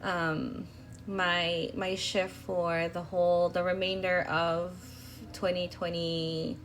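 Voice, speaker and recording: A woman's voice: lowish voice, level tone, takes it slowly, a little hiss or hum. A young woman talking casually in a voice-over about her planner spreads, rambling with fillers and restarts. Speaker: planner vlogger.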